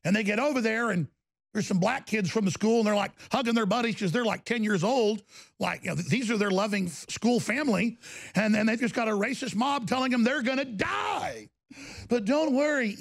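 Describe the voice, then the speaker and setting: A male host delivering an angry political commentary, ranting with heavy sarcasm. His voice sits high and has a gravelly, fried edge. He talks in heated bursts. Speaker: show host.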